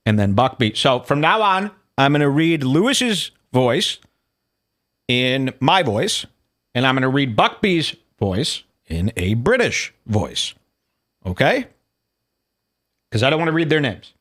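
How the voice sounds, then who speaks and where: A man's voice: medium pitch, big pitch swings, a little slow, a bit bright. A man hosting a casual livestream, rambling and mocking as he reads out posts. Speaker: show host.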